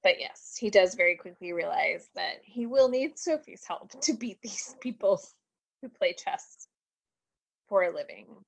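A woman chatting casually about a TV episode, reasoning things through in a measured way. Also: medium pitch, lively intonation, creaky, slightly rough, low-quality recording. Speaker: podcast co-host. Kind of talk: casual recap chat.

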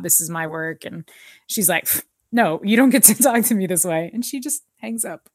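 A woman's voice: mid-range voice, a little fast, no echo, clean studio sound. A woman co-hosting a casual podcast, chatting with lots of fillers, recapping a TV episode and reading an article aloud. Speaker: podcast co-host.

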